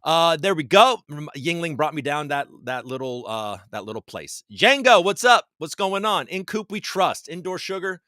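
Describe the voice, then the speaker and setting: Male streamer host, loose and chatty, bright tense tone, dry mic. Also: a little high, big pitch swings, moderate pace, few pauses, no room sound. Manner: loose, chatty and swearing, with laughs and shout-outs. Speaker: livestream host. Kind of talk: casual livestream chat, reading out viewer comments. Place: home basement.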